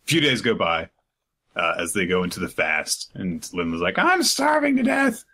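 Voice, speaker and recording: A man's voice: low voice, normal speed, pushed and bright. A man co-hosting a podcast, recapping chapters in casual chat and acting out bits in put-on voices. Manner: retells scenes, putting on silly voices. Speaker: podcast co-host.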